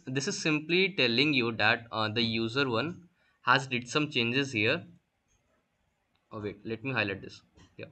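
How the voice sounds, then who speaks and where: Bright-voiced young man teaching code. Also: mid-range voice. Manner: explaining step by step with frequent fillers. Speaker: workshop instructor. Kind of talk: screen-recorded coding tutorial.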